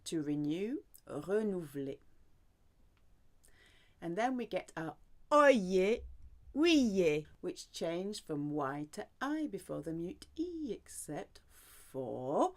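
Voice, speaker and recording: A woman teaching a language lesson. Her voice is rather low, but it leaps up and down with animated swings. She gives each word a sing-song lilt and repeats words to drill them in. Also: slow. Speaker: French teacher.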